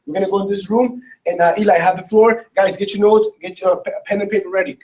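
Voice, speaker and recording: A man organizing a training session, briskly introducing speakers and directing the group. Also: sits high, steady tone, darkish tone, rough recording. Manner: brisk, directing people around.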